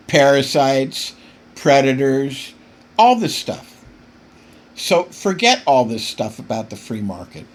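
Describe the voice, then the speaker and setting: A man hosting a political podcast, delivering impassioned commentary that keeps getting worked up, with frequent stumbles and repeated words. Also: mid-range voice. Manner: emphatic, gets worked up.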